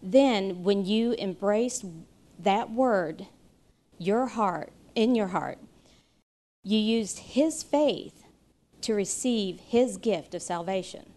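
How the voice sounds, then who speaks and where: A woman teaching a Bible study in an earnest, unhurried way, pausing often with ums and uhs. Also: medium pitch, darkish tone. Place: room with chairs, audience present.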